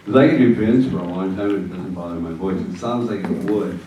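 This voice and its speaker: A man's voice: low voice, quick pace, muffled recording, slight background noise. An older man presenting a ventriloquism workshop, chatty and joking as he tells stories, heard from far off. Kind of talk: workshop talk. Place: conference room with audience. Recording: echoey room from far off with audience.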